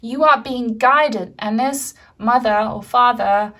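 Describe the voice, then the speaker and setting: A woman giving a pick-a-card tarot reading in a gentle, rambling way, with many fillers and soft laughs. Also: fairly high pitch, slow. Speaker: tarot reader.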